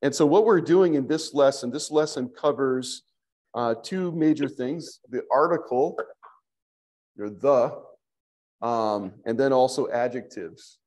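A man teaches a language class at a slow, unhurried pace. He is patient and thinks aloud, with many fillers as he works through each word. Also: mid-range voice, a little mellow. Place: church classroom.

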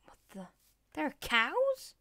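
A woman's voice: high-pitched, huge pitch swings, takes it slowly, pushed and bright, no echo. A woman giving casual Minecraft gameplay commentary, chatting to the mobs and villagers and swearing playfully as she goes. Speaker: Minecraft let's player.

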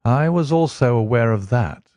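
A man voicing a cool, sharp-minded male detective in a dry, clipped manner, his voice lifted a little above his narrating voice. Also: mid-range voice, animated, normal speed, no echo, pitched above the performer's own voice, close to an everyday voice.

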